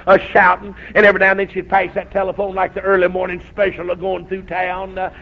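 Revival preacher, male, high voice, folksy storytelling that breaks into shouts; muffled old recording. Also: completely flat delivery, fast talker, creaky.

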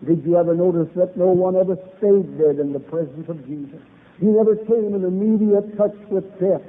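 A man preaching a revival sermon, opening with a prayer, in an old-fashioned preaching cadence with biblical phrasing. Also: high voice. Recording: tinny phone-like old recording.

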